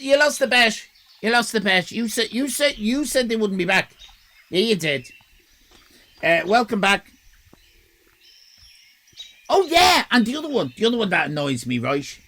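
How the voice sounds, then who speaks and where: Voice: mid-range voice, animated, measured pace, pauses often, bright, forceful tone, a little hiss or hum. An Irish live-stream host chatting casually with viewers, rambling and swearing in mock outrage. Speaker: livestream host.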